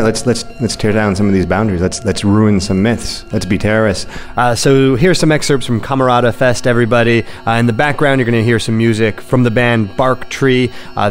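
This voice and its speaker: A man hosting a podcast, introducing it casually with fillers and repeated words. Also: fairly low pitch. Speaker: podcast host. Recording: faint music underneath.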